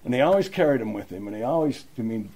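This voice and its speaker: A man's voice: medium pitch, expressive, fast, dark tone. An older man stands before a meeting and tells his recovery story in a folksy, plainspoken way. His talk is heartfelt and unpolished, full of everyday words. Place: meeting room.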